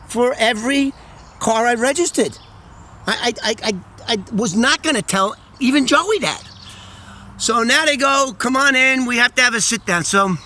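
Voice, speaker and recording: Man in his 60s, lively storyteller, bright edge, faint hiss behind. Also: extremely high pitch. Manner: animated, repeats words while telling the story. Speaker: storyteller on his own channel. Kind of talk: casual first-person storytelling.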